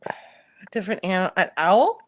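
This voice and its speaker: A woman's voice: mid-range voice, sing-song, no echo, highs cut off. A woman chatting casually and giggling, egging on the jokes. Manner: giggly, slow, drawn-out. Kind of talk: casual chat.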